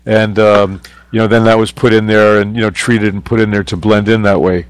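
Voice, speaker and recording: A man with a low voice recalls stories as a radio guest, wandering through his sentences with fillers and restarts. The sound is dry and close. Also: little pitch movement, brisk, clean tone, no room sound. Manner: rambling, many fillers and restarts. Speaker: guest photographer. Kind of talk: casual interview storytelling. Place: radio studio.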